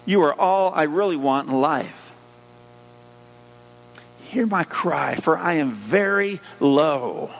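A male pastor preaches in a somewhat high voice, lifting his delivery when he reads scripture aloud. The sound is dull and hum-laden, with a long reverb trailing off the walls of a large room. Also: takes it slowly, creaky, pauses often. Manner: preaching with rising emphasis on scripture readings. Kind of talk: sermon.

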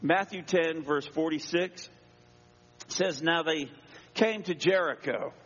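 A man's voice: on the high side, takes it slowly, a bit bright. A man preaching a sermon as pastor, reading scripture aloud and dramatically acting out the voices in it. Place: church. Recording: dull echoey church sound.

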